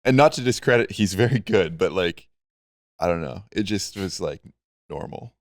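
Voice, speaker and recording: A man's voice: low voice, expressive, normal speed, dry recording. A man co-hosting a podcast, chatting in a laid-back way with dry quips. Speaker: podcast co-host. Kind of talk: casual chat.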